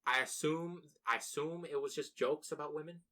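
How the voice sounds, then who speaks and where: A man's voice: on the high side, normal speed, pushed and bright. Young man rambling through a casual podcast chat. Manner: rambling, swears freely, frequent restarts. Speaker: podcast co-host.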